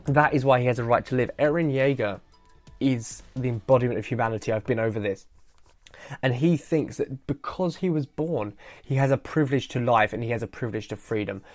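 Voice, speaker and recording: A man's voice: medium pitch, a little fast, darkish tone, no echo, faint music behind. A man hosting a casual solo podcast into a headset mic, rambling and self-deprecating, tired and loopy after midnight. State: tired and loopy late at night. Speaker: podcast host.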